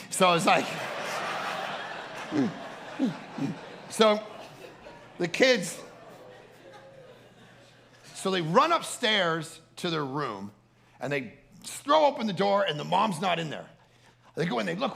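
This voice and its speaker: Animated, gravelly male preacher. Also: high-pitched, a little slow. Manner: animated, repeats words and restarts often. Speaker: camp speaker. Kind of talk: storytelling sermon.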